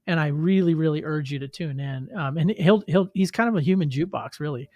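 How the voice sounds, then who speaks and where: A man's voice: fairly high pitch, a little fast, darkish tone, highs cut off. A man hosting a casual music interview, speaking in a slightly raised voice. The room around him is dry and close, with little echo. He reacts eagerly and keeps dropping in "man". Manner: enthusiastic reactions, says "man" often. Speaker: podcast host.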